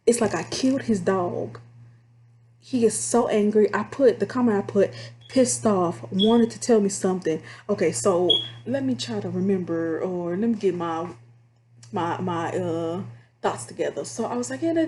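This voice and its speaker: A woman casually telling stories about her phone job to her viewers, chatty and animated. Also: medium pitch, normal speed, a little hiss or hum. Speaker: vlogger telling call-center stories. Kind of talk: casual storytelling to camera.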